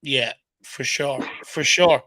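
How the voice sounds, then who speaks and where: A man's voice: mid-range voice, slow, bright, forceful tone, dry recording. An Irish man hosting a casual football chat, earnest and repeating words as he builds his points. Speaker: host.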